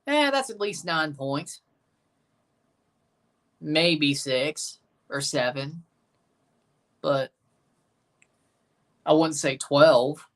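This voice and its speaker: A man's voice: fairly high pitch, lively intonation, very slow, long pauses, fairly bright tone. A man hosting a livestream watchalong, chatting casually, reading viewers' comments aloud and reacting to a soccer match with sarcastic asides.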